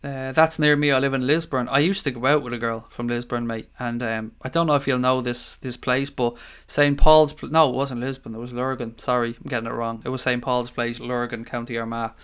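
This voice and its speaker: A man's voice: medium pitch, flat delivery, brisk, hardly any pauses, a bit bright, clean tone. A tired Irish man hosting a casual live stream, chatting loosely and reading out viewer comments. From Ireland. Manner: chatty, rambling, calls viewers mate. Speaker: livestream host.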